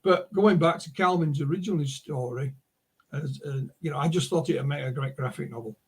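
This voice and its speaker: Over a remote interview call, a middle-aged man who writes and publishes books rambles through anecdotes as a guest in a casual chat, digressing into many asides. He has a fairly high, husky voice.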